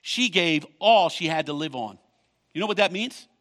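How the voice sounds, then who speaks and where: Bright, high-voiced preaching man. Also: expressive. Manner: reads scripture, then comments with quick asides and laughs. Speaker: pastor. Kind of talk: sermon.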